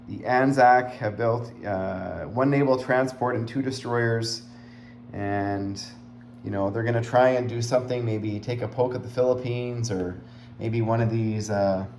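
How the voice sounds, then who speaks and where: Man, casual board game recap, explanatory, mid-pitched voice, roomy echo, faint hum. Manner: relaxed, explanatory, pointing at a map, frequent fillers. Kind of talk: casual round summary of a strategy board game.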